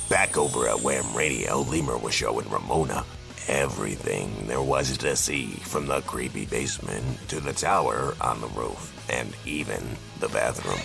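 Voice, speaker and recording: A man narrating a fan audio drama with deadpan, dry asides. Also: rumbling low, normal speed, vocal fry, over music. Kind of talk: storytelling narration.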